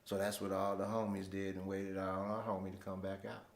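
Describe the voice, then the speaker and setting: In a reverberant space, a man hosts his own show, delivering a casual storytelling monologue in a low, monotone voice at a slightly fast pace. His manner is laid-back and slangy.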